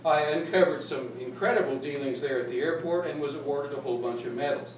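A man's voice: on the high side, quick pace, close to an everyday voice. A man voicing a boastful old male talking dog who rambles matter-of-factly about his exploits, heard from a distance in an echoey room with faint noise. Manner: rambling, matter-of-fact bragging.

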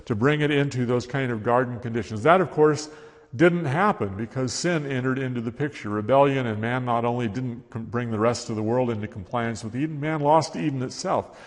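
A man's voice: medium pitch, brisk, in a large hall. A man preaching an expository sermon, working through scripture verse by verse and reading passages aloud with rising emphasis.

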